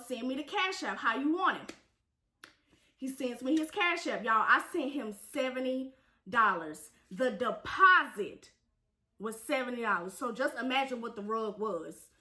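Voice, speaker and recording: A woman's voice: sits high, pushed and bright, roomy sound. A young woman telling a storytime vlog in a chatty, sassy way, talking straight to her viewers. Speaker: vlogger.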